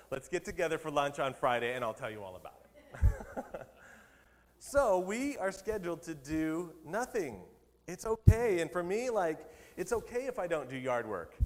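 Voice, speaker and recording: A man's voice: on the high side, in a large hall. A man, a pastor, giving a conversational sermon and laughing now and then at his own jokes.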